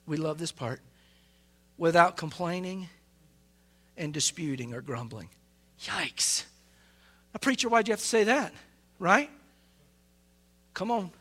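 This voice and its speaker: Male pastor, very high voice, bright and pointed tone, fervent sermon delivery swinging from hushed to loud. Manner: fervent preaching that swings between soft asides and loud, raised bursts.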